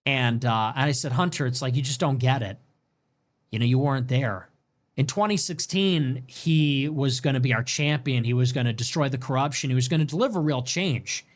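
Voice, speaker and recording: A man giving an emphatic, animated political monologue, full of "like" fillers and restarts. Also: mid-range voice, normal speed. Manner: animated, emphatic, swings between excited and somber. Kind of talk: casual monologue.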